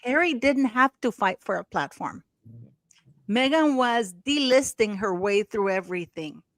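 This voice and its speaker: A woman's voice: fairly high pitch, expressive, measured pace, dry recording. A woman hosting a casual livestream, rambling and chatty with many restarts, thanking donors effusively. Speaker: livestream host.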